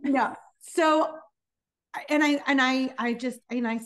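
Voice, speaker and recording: A woman in her thirties, a business founder, telling her story in an interview with lively, acted-out dialogue. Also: sits high, measured pace. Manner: animated, acts out dialogue in storytelling.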